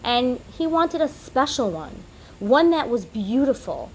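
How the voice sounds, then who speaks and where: A woman teacher giving a holiday lesson to children, telling a story in an animated way and acting out the characters' lines. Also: sits high, unhurried, slight background noise, low-quality recording.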